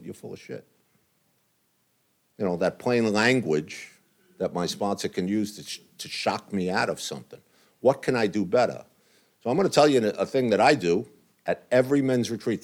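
An older man talks to a men's group, candid and blunt, never softening his plain words. His voice sits a little low, and he sounds earnest about what he says. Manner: blunt and earnest, plain language with mild cursing. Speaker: recovery group speaker.

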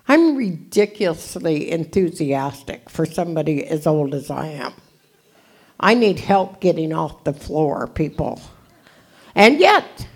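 A woman in her seventies from California gives an animated, jokey, self-deprecating storytelling talk as a recovery meeting speaker. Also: on the low side, gravelly. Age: 70s.

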